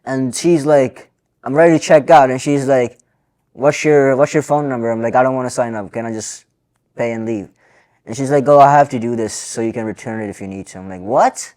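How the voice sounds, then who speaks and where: A man co-hosts a podcast, venting animatedly in casual chat and swearing a lot. His voice is medium-pitched and a little fast.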